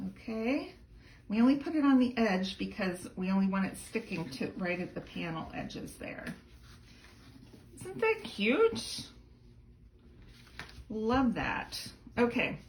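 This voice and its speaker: A woman's voice: mid-range voice, vocal fry, echoey room, slight background noise, low-quality recording. A woman teaching a card-making tutorial in a chatty, enthusiastic way, gushing over the details as she works. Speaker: crafting instructor.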